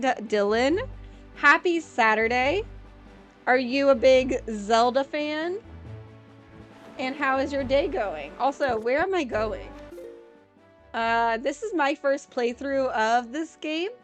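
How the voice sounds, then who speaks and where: Woman, game streamer, high voice, slow easy pace, playfully dramatic chatter. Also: fairly bright tone. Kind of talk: casual gameplay chat with viewers.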